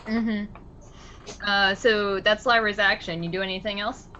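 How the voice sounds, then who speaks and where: A woman's voice: mid-range voice, steady tone, a little slow, bright, forceful tone, dull audio, slight background noise. A woman running a tabletop role-playing game as game master, narrating casually. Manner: casual, with laughs.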